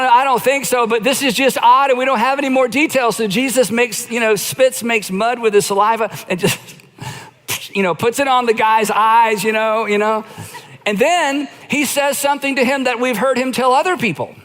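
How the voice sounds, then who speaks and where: High-voiced pastor preaching in a reverberant hall. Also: male voice, fairly even intonation, a bit bright. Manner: conversational preaching, acts out quoted lines with slow emphatic phrasing. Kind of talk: sermon.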